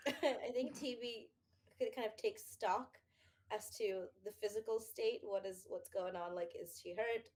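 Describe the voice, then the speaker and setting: A woman's voice: medium pitch, measured pace. A woman playing in a tabletop role-play, playful and prone to giggling. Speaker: player.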